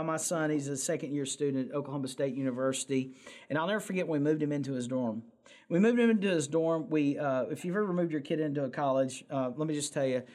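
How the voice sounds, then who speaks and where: A man's voice: fairly high pitch, a little mellow. A man, preaching a conversational sermon that mixes family stories with emphatic peaks. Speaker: pastor.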